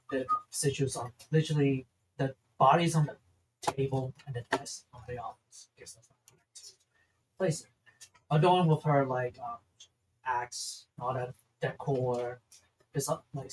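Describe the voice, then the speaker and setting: A man's voice: medium pitch, huge pitch swings, unhurried, noisy background. A young man playing a tabletop game, rambling through descriptions with many fillers. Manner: rambling, full of likes and ums. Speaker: player. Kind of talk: casual tabletop game play.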